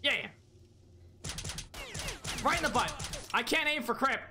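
A streamer giving excitable live commentary while playing a shooter, yelping and talking to chat. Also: medium pitch, a little slow, over music. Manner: excitable, yelps and laughs, talks to chat.

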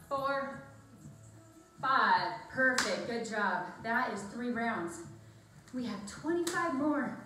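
Slightly breathless and upbeat, a woman instructor coaches a workout class, counting reps and encouraging everyone. Her voice sits a bit high, echoing around a very reverberant room, picked up from far away with a faint hum behind it.

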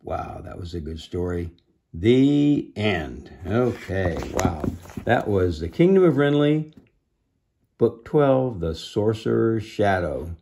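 Brief: an unhurried man reading a children's book, pausing for gentle asides. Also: fairly low pitch, big pitch swings, a little hiss or hum. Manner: gentle asides explaining the lesson. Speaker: reader.

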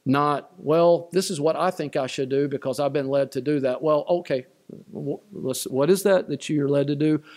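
A man's voice: a little high, normal speed, a little mellow. Emphatic male pastor preaching. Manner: emphatic, repeats key lines, rising on quotes. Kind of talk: sermon. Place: church sanctuary.

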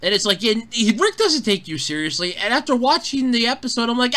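A man's voice: very high-pitched, very animated, brisk, hardly any pauses, sharp tone. A man ranting in an exasperated, sarcastic review, swearing freely as he talks. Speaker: show reviewer.

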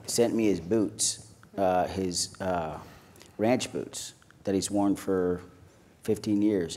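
Lively Irish man telling stories. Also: lowish voice, a little hiss or hum. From Ireland. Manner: lively storyteller, jokey and animated. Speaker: actor on a panel. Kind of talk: casual panel chat. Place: panel stage at a screening venue.

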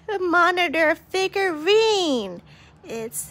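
Young woman vlogger, giggly and bubbly, high and very lively voice, slow unhurried delivery. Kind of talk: casual unboxing vlog.

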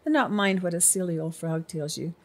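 A woman voicing a kind, amused female ladybug in a storybook, gently advising. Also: on the low side, a little fast.

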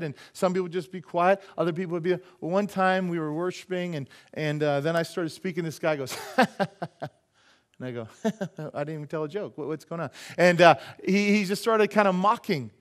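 Man preaching, lively storytelling voice. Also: sits high. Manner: animated storytelling with laughs and acted-out quotes. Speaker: pastor. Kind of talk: sermon. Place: church.

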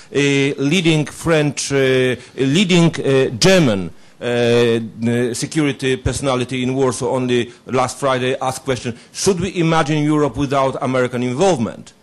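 A man from Poland, commenting from the audience in a halting way with many fillers. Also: mid-range voice. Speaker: audience member. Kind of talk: question from the floor.

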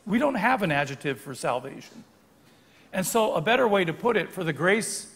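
Preaching as a guest in a church sanctuary, an older man explains the text conversationally, like a teacher, and corrects his own wording along the way. His slightly high voice is gravelly and breathy, fairly quick with lively intonation, and a long reverb tail rings through the hall behind every phrase.

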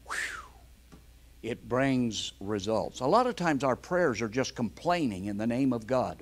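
A man's voice: medium pitch, sing-song, unhurried. An older man preaching a fervent sermon with exclamations.

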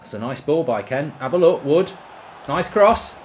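A man streaming a football video game, reacting loudly, swearing and cheering at the play. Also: on the high side, normal speed, slight background noise. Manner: excitable, swears, shouts at the game. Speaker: gaming streamer. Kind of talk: live football game commentary.

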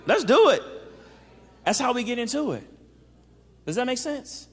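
High-voiced man teaching in an echoing hall. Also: a little slow, husky. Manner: animated, checks in with the audience, acts out quotes. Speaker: psychologist giving a faith-based talk. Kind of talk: interactive teaching talk.

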